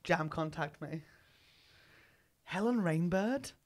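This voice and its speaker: A woman co-hosting a comedy chat, playful and giggly and quick to joke. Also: on the low side, expressive. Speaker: co-host. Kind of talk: casual chat.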